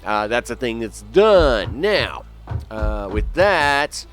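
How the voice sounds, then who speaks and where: A man's voice: mid-range voice, big pitch swings, slow, fairly bright tone, faint music behind. A man giving rambling, casual commentary on his gameplay as host, full of fillers and asides to enemies. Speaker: gaming channel host.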